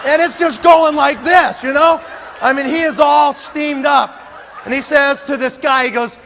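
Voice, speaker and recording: Man, conference speaker, comic storytelling, very high voice, long hall reverb, faint background noise. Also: measured pace, some chatter behind. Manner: animated, acts out scenes with sound effects.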